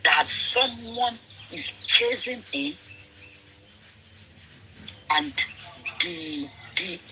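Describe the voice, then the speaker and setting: A woman's voice: on the low side, expressive, drawn-out words, heavy background noise. A woman with a Nigerian accent speaking on a remote call, giving impassioned commentary and mixing English, Pidgin and Yoruba. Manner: switches between English, Pidgin and Yoruba, emphatic and indignant. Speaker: speaker in a live audio discussion.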